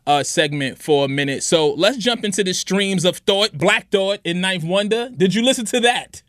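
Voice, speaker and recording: A middle-aged man chatting on a podcast, laid-back and easy, with a voice pitched a little high for a man. He keeps tossing in "you know what I'm saying". The sound is close and dry. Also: lively intonation, moderate pace, fairly bright tone, no room sound. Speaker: podcast co-host. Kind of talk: casual chat.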